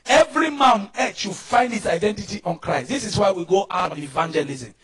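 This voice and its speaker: A Nigerian pastor preaching a fervent sermon, often shouting and calling on the congregation to answer back. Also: male voice, high voice, lively intonation, a little fast.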